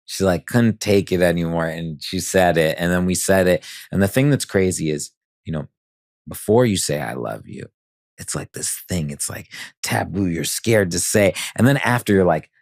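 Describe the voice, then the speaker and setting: A man in his thirties, a podcast guest, telling a rambling story and acting out quotes in a high voice. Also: moderate pace, no room sound, clean studio sound. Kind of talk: casual podcast conversation.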